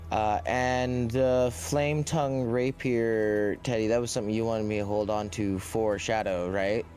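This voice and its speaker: A man playing a tabletop game, checking his inventory in halting speech full of filler sounds. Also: lowish voice, fairly even intonation, a little mellow. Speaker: player.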